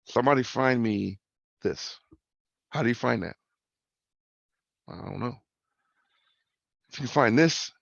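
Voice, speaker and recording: A man's voice: fairly low pitch, gravelly, husky, dry recording. A man hosting a casual trading talk over a video call, loose and slangy, repeating himself and tagging questions onto his points. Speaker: host. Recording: muffled video call audio.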